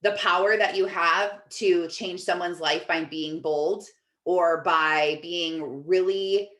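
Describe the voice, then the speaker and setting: A woman's voice: fairly low pitch, steady tone, slow pace, fairly bright tone, echoey room. A woman life coach hosting a group video call, chatting casually and reading out comments from the chat in an upbeat, encouraging way.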